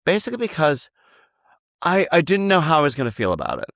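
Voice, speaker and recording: A man guests on a theater podcast, joking and chatting freely. His pitch swings up and down a lot as he talks. The recording is close and dry. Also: fast talker, no room sound. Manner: animated, joking, slips into impressions. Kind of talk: casual chat about musicals.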